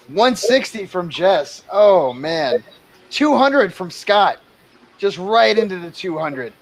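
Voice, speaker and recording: A man's voice: high voice, very animated, takes it slowly, slight background noise, poor audio. A man calling out bids in a casual livestream art auction, joking and exclaiming over each new bid.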